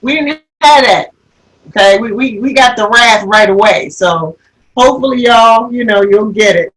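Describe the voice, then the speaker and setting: A woman's voice: mid-range voice, normal speed, a bit bright. An earnest, reassuring mother speaks in a casual panel chat. Her voice sits somewhat distant from the microphone. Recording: voice a bit distant from the mic.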